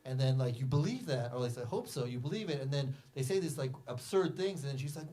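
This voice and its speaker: A man, the film's director, answering audience questions at a festival screening in a theater, rambling and animated with many fillers. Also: fairly high pitch, fast talker, few pauses. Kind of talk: festival Q&A talk. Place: movie theater.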